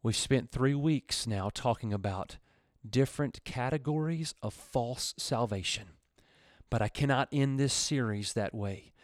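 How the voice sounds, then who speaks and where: A man's voice: measured pace, dry recording. Impassioned preacher, man, dry studio sound. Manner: impassioned, swelling loud and high then dropping low. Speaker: pastor. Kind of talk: radio sermon.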